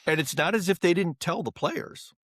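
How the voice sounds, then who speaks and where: A man's voice: sits high, normal speed, dry recording, studio quality. A man co-hosting a casual soccer podcast, teasing his partner and acting out little quoted lines as he makes his points. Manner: teasing, animated, acts out quotes. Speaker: podcast co-host.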